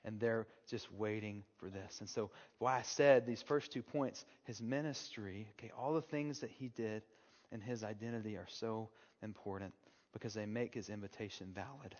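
A man preaching a sermon as pastor, moving from hushed, slow passages to loud, urgent calls. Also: on the low side. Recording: dull long-reverb hall sound.

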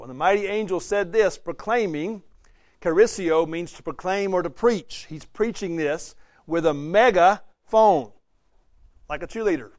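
A man leads a Bible study in a chatty, questioning way, acting out the lines he reads. His voice sits a little high and sounds dry and close, with no room around it. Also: dry recording. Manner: conversational, asks the class questions, acts out quotes. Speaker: Bible teacher. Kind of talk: interactive Bible study teaching.

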